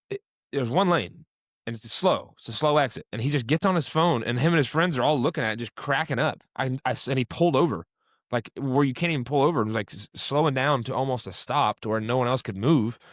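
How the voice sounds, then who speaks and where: A man's voice: medium pitch, fairly quick, no room sound, studio quality. A young man hosting a podcast, chatting casually and ranting with heat. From Indianapolis area, USA. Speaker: podcast host. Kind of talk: casual chat.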